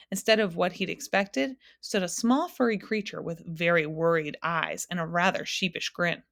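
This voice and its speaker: Woman reading a story aloud, low and dry. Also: moderate pace, vocal fry, few pauses, dry recording. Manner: expressive storytelling. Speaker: teacher.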